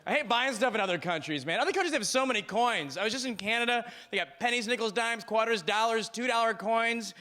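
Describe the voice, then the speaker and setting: A man from Missouri works through a stand-up set with dry, deadpan timing. His voice is fairly high and very bright, with a crowd audible in the room. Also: fast, hardly any pauses. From Missouri, USA. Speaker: stand-up comedian.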